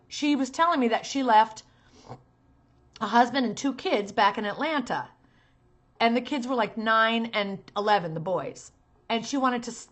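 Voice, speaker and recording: A middle-aged woman, a talent manager, giving earnest and emphatic advice to parents, turning sharp and scolding at times. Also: medium pitch.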